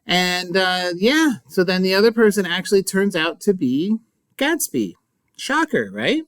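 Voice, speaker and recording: Casual recap teacher, smooth clear tone, loose chatty asides. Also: medium pitch, expressive, normal speed, no echo. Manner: playful, mock-dramatic. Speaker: English teacher.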